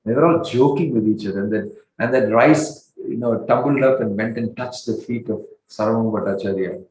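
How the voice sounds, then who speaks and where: A man giving a devotional sermon, telling a sacred story with lively storytelling and sometimes acting out the characters. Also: a little fast, slight background noise. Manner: animated storyteller, acts out quoted dialogue with rising pitch and volume. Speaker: swami giving a festival discourse. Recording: roomy, echoey hall sound.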